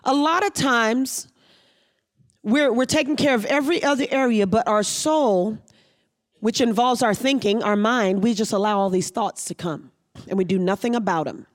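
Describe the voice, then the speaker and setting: A pastor preaching a sermon, reading scripture aloud and pausing to explain it, driving points home with repeated phrases. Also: medium pitch.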